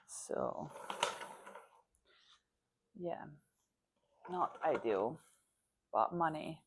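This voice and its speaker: A young Scottish woman talks straight to the camera in a relaxed vlog, chatty and a little scattered. She tells stories by acting out what everyone said, and "like" pops up all the time. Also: fairly low pitch, slow pace, pauses often. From Scotland. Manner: animated storytelling, acts out quoted dialogue, frequent "like". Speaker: vlogger.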